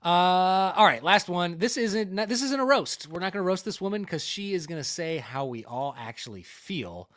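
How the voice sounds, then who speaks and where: A man hosting a casual political call-in show, energetic and jokey as he plugs the channel. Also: high voice, normal speed, few pauses. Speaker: show host.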